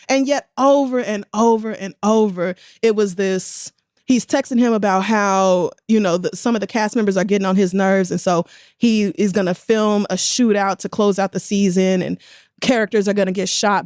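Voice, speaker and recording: A woman's voice: medium pitch, normal speed, darkish tone, no echo, studio quality. A woman, co-hosting a casual podcast and telling a story with indignation and quoted voices. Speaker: podcast co-host.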